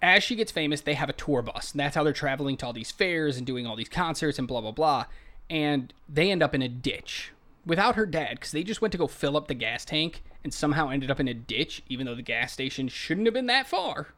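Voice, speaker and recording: Man, slightly high voice, casual podcast chat, animated rambling retelling. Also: fairly quick. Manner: animated storytelling, rambling asides. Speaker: podcast co-host reviewing films.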